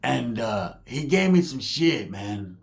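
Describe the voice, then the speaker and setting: Gravelly Chicano-accented man rambling. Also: mid-range voice, sing-song, slow, a little hiss or hum. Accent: Chicano English. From Southern California. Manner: rambling, repetitive "I say" asides, Spanish slang. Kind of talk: comedic monologue in character.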